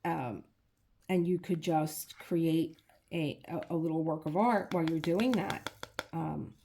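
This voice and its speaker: A woman's voice: low voice, slow, gravelly, dark tone, a little hiss or hum. A middle-aged woman chatting casually and heartfelt while crafting, rambling with many restarts. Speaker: crafting vlogger.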